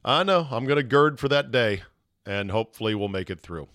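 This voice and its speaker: A man's voice: on the low side, a little fast, fairly bright tone, no room sound, studio quality. A middle-aged man hosting his own podcast, talking casually and self-deprecatingly, sometimes acting out little bits of dialogue. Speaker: podcast host. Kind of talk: casual monologue.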